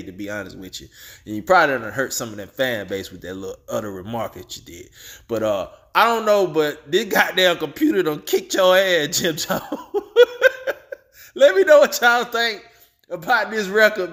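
A man with a slightly high voice hosts a casual video commentary. He speaks in a relaxed way, swears often and chuckles as he talks. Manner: laid-back, profane, chuckles between remarks. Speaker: YouTube commentary host.

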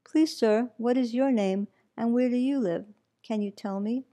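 A woman's voice: a little high, a little slow, warm tone, close to an everyday voice. A woman reading a shy, polite herd boy. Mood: earnest. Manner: polite, hesitant.

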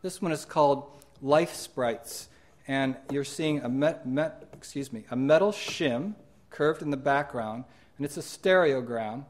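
A middle-aged man presenting his own exhibition with slides at a conference, talking in an unhurried, halting way with many ums and restarts. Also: medium pitch.

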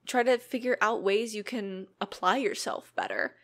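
An earnest young woman talks through her thoughts on her own podcast. She sounds reflective and unhurried, with a loose conversational flow full of little fillers. Her pitch sits in an ordinary middle range. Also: fairly bright tone. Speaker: podcast host. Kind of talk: casual solo podcast talk.

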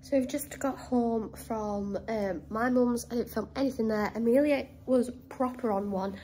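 A woman's voice: fairly high pitch, moderate pace, dark tone, a little hiss or hum, poor audio. A young woman chatting casually to camera at home in a rambling, filler-heavy way. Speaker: vlogger. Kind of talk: casual home vlog chat. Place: home, indoors.

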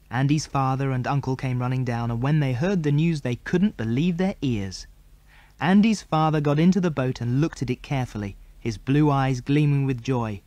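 A man narrating a children's adventure audiobook in a measured storytelling manner. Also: mid-range voice, darkish tone, dry recording. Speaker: audiobook reader.

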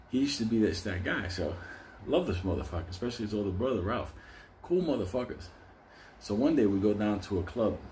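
A man's voice: lowish voice, a little mellow, slight background noise. A man telling a comic story in a loose, profane way, chuckling as he goes.

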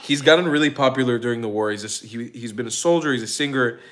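A man hosting a casual livestream, telling stories in an excitable, profane way and laughing often. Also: mid-range voice, fast. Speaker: livestream host.

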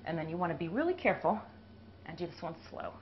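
A woman's voice: lowish voice, big pitch swings, fast talker. A woman fitness instructor talking casually through a push-up demonstration, out of breath as she works. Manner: talks while doing push-ups. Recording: dull lo-fi video audio with faint hiss.

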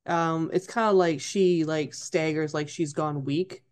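A woman's voice: sits low, fairly even intonation, unhurried, a little mellow, clear, resonant tone. A woman playing a tabletop game, describing her character's actions hesitantly with lots of "like". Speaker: player. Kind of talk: casual tabletop play.

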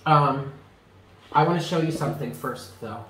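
A man's voice: medium pitch, moderate pace, pushed and bright, echoey room, a little hiss or hum, poor audio. A man giving a tarot reading, speaking earnestly and stressing points by repeating them. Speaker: tarot reader.

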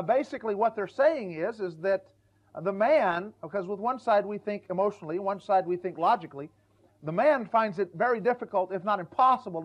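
A middle-aged male preacher giving a folksy, humorous church sermon, stumbling over repeated words and acting out quoted voices. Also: sits high. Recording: dull lo-fi church recording.

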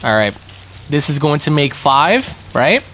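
A young man giving live commentary on a multiplayer game, excitable and panicky, yelping and throwing in a lot of slang. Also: fairly high pitch, measured pace, a little hiss or hum. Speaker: gaming streamer.

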